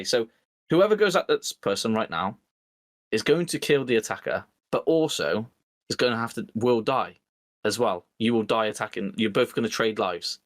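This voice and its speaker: A man co-hosting a podcast, telling an animated story and acting out both sides of an argument with his partner. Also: mid-range voice, no room sound. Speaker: podcast co-host. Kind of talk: casual chat.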